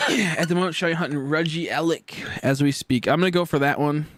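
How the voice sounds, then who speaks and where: A man's voice: on the high side, brisk, fairly bright tone, dry recording, clean studio sound. A man in his twenties chatting casually on a game live stream, rambling and joking as he answers chat aloud. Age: 20s.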